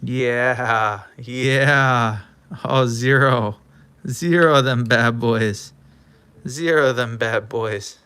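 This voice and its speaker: A man's voice: medium pitch, very slow, pushed and bright, clean tone, no echo. A man rambling through a casual live stream, joking and tripping over his words as he talks to a coin like it's a person.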